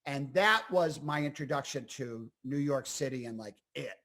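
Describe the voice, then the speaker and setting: A man in his fifties from Scranton, Pennsylvania, an actor and comedian telling rambling, animated stories as an interview guest. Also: medium pitch, normal speed. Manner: animated, rambling, full of fillers and asides. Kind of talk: casual interview storytelling.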